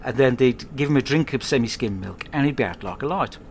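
A man rambles through a comic monologue at home, swearing and keeping a deadpan tone. His pitch sits in an ordinary middle range. Faint ambient noise lingers behind him. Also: a little fast. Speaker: podcast host.

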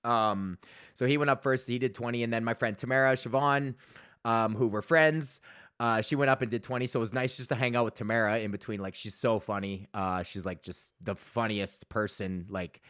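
A man's voice: medium pitch, fairly even intonation, normal speed, fairly bright tone, clear, resonant tone. A man in his thirties from Alberta, a comedian hosting his own show, rambling through a profane story and laughing at his own jokes. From Alberta, Canada. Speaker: podcast host and stand-up comedian. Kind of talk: casual storytelling monologue.

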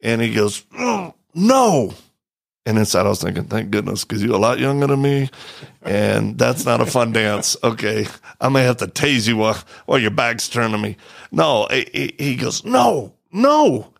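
A middle-aged man with a creaky, lowish voice talks briskly as he hosts a podcast. He tells a story in a casual chat, staying animated and acting out the quoted lines.

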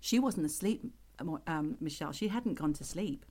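A woman's voice: low-pitched, animated, normal speed, warm tone, a little hiss or hum. A woman co-hosting a podcast, telling a true ghost story and acting out the voices of the people in it. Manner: vivid storyteller who acts out voices.

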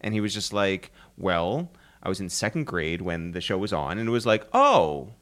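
A man's voice: deep voice, fairly quick, fairly bright tone. A man hosting a podcast in casual chat, laughing a lot and telling a friend's story. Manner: laughs often, chatty interviewer. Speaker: podcast host.

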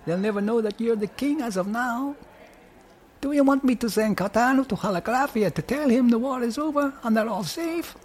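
A man voicing a servile male henchman who speaks in a high, soft, fawning way. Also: sing-song, moderate pace, hardly any pauses.

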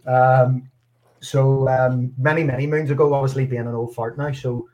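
A man's voice: mid-range voice, level tone, moderate pace, darkish tone, muffled recording. Hesitant Northern Irish man. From Northern Ireland. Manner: hesitant, many fillers and restarts. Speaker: guest, card designer. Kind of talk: casual chat.

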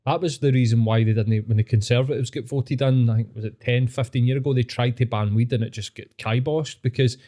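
A man's voice: mid-range voice, steady tone, brisk, few pauses, mellow. Scottish guy hosting a podcast, swears constantly, chatty and loose. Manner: sweary, rambling storyteller who laughs often. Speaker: podcast host. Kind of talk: casual chat.

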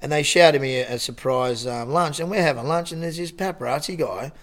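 Australian man telling animated stories. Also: fairly high pitch, fairly quick, a crowd in the background. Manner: animated storytelling, acts out quotes, frequent restarts. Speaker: guest storyteller. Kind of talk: casual anecdote.

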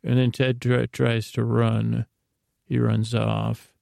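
Gravelly, flat-voiced man rambling sleepily. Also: medium pitch, slow pace, dry recording, studio quality. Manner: meandering, drowsy retelling with many fillers. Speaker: sleep podcast host. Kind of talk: rambling episode recap.

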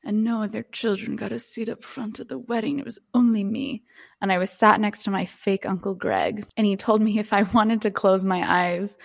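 A young woman co-hosting a podcast in casual chat, rambling and quick to laugh. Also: mid-range voice, fairly even intonation, vocal fry. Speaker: podcast co-host.

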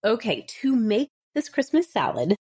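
A woman's voice: on the high side, big pitch swings, moderate pace, a little mellow, husky. A woman in her thirties hosting a podcast, chatting casually and laughing often. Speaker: podcast host. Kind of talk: casual chat.

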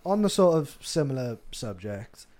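A man hosting a casual podcast chat, laughing often and letting his voice trail off quietly. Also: mid-range voice, big pitch swings, normal speed. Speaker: podcast host.

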